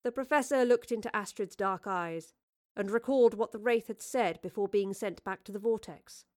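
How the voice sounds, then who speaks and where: A woman narrating an audio drama with expressive, clear storytelling and voicing every character herself. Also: mid-range voice, moderate pace.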